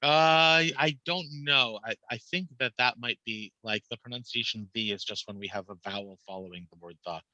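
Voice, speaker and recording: A man's voice: mid-range voice, normal speed, few pauses, pushed and bright, no room sound, highs cut off. A man, a cantor, teaching a class casually, explaining prayer translations and questioning his students.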